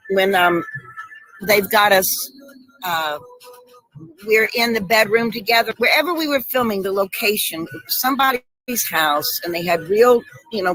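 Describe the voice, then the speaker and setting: A woman guest telling lively stories in casual chat, laughing often over a video call. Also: mid-range voice, no room sound, poor audio. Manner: animated storyteller, laughs often. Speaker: guest actress.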